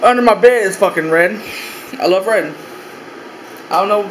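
A young man with a high voice talks through a casual vlog from his bedroom, rambling, cursing constantly and repeating his lines. His voice bounces around an echoey room, with a faint hum of air conditioning underneath. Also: moderate pace. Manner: profane, rambling, repeats himself. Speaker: vlogger.

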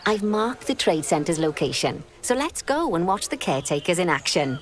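A cheerful female zookeeper mentor from a video game, walking the player through tasks with brisk, upbeat instructions. Her voice sits on the low side, and she slips in dry little jokes. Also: very animated. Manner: upbeat, dryly joking instructions. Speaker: in-game tutorial guide. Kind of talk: scripted game dialogue.

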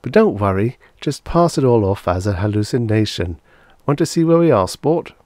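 A man's voice: on the low side, sing-song, moderate pace, a little mellow, no echo, clean studio sound, voice pushed up. A man reading an audiobook, voicing a smug alien collector disguised as a man, breezy and mocking. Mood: smug amused.

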